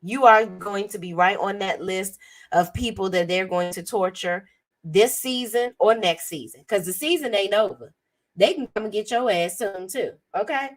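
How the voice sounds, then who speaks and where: Hoarse lady reviewing reality tv, blunt and sassy, cusses a lot, mid pitch. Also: normal speed. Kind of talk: casual commentary.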